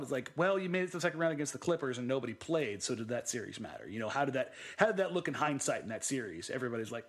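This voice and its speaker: A man co-hosting a casual sports podcast, talking in an animated, rambling way with quick restarts. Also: medium pitch, husky. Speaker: podcast co-host.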